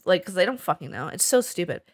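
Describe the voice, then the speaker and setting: A woman's voice: on the low side, sing-song, quick pace. A woman co-hosting a casual chat. She is a little sniffly, swears often and acts out what people said as she tells her story. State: slightly sniffly. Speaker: podcast co-host. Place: at a table with co-hosts.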